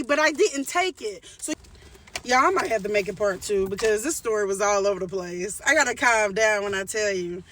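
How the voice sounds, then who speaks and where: High bright-voiced woman ranting emphatically. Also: lively intonation, brisk, distant mic, a little hiss or hum. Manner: emphatic, repeats phrases, restarts often. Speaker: vlogger telling a story. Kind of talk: casual storytime rant to camera.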